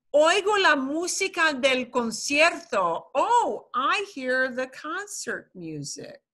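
Female language teacher, bright higher voice, slow and animated, patient explainer. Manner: patient, explains slowly, repeats words. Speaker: Spanish teacher. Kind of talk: online language class.

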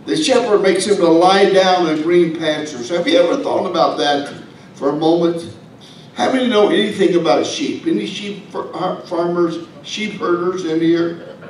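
A man with a high voice delivers a folksy, humorous sermon, turning to the congregation with asides. He sounds far from the mic, and the church echoes heavily around him over a faint low rumble. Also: moderate pace. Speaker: pastor. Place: church sanctuary.

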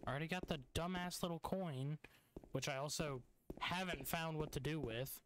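A man's voice: fairly high pitch, moderate pace. Frustrated swearing young man gaming. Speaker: gamer streamer. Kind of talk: let's play commentary. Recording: noisy home recording.

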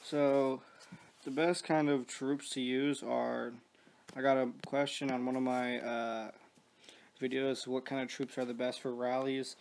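A man's voice: medium pitch, level tone, unhurried, creaky, darkish tone, a little hiss or hum. A man giving loose, rambling commentary on a strategy game he is playing, swearing often and restarting his sentences. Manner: rambling, profane, many restarts and fillers. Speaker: mobile strategy game player. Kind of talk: casual gameplay commentary.

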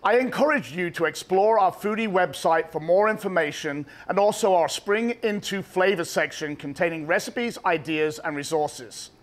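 Male chef host, effusive and admiring, pitched a bit high. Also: moderate pace, few pauses. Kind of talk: presenting a cooking show.

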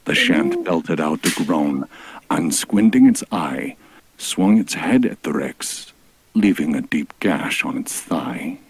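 A man's voice: rumbling low, expressive, slow pace, a little hiss or hum. A man narrating a comic, mock-epic rhyming story in a theatrical manner.

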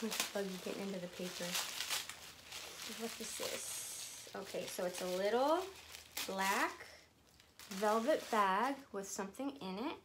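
A woman's voice: medium pitch, very noisy. A woman vlogging casually as she unboxes gifts, gushing and emotional, at times tearful. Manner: slow, drawn-out delivery. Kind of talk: casual chat to camera.

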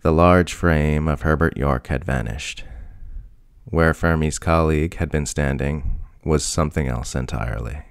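A man reading a short story aloud in a measured, even storytelling manner. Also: extremely low pitch, clear, resonant tone, no room sound, clean studio sound. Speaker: audiobook reader. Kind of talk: scripted story narration.

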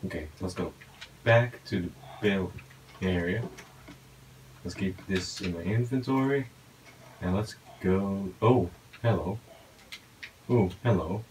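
A man with a very deep voice talks his way through a game, muttering to himself and breaking into sudden excited outbursts. A faint hiss sits under the recording. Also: slow, pauses often, rough recording. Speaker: gaming YouTuber. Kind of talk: casual gameplay commentary.

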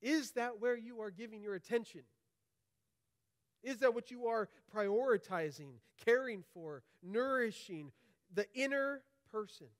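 A male pastor delivers an earnest sermon with a notably high-pitched voice. He speaks emphatically and keeps checking in with quick tag questions. His pace rises and falls as he presses each point.

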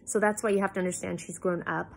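A woman's voice: on the low side, steady tone, creaky, slightly rough. A woman reading a novel aloud at home, stopping now and then to explain the story to her listeners. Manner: pauses to explain the story to listeners, corrects slips.

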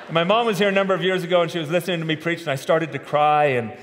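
A middle-aged pastor with a somewhat high voice delivers a sermon, chatty and quick to poke fun at himself. His words ring out with the long reverb of a large church sanctuary. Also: fairly even intonation, a bit bright, a little hiss or hum. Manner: conversational, self-deprecating humor. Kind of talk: sermon with personal stories.

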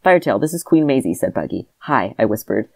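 A woman with an unusually deep voice reads her childhood adventure story aloud in a flat, dry delivery. She keeps breaking into laughter between lines. The sound is close and dry. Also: fast, creaky, slightly rough, no echo. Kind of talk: comedic read-aloud of old writing.

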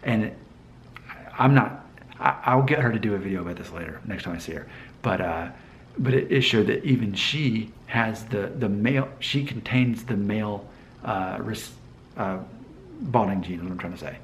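Low-voiced male vlogger, thirties, casual and rambling, with light room noise. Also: normal speed. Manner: rambling, self-correcting, chuckles often. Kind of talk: casual personal monologue.

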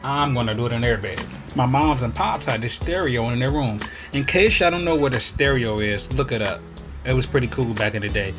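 A man telling a funny personal story in a casual, slangy, animated way, sometimes laughing. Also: mid-range voice, fairly quick. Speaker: storyteller vlogger. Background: video game music.

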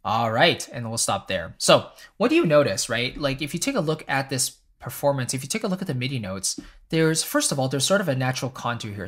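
Guy teaching orchestral mockups, chatty and explaining, mid pitch. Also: very animated, a little fast, a bit bright. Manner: friendly, explanatory, frequent "right?" tags. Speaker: composer and music teacher. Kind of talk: casual tutorial explanation.

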